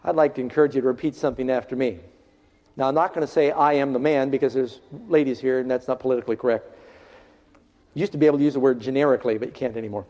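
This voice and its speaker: A man preaching a sermon to a congregation, swinging from loud, ringing passages to hushed ones. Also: mid-range voice. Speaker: pastor. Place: large hall, in front of a congregation. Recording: dull lo-fi recording in a reverberant hall.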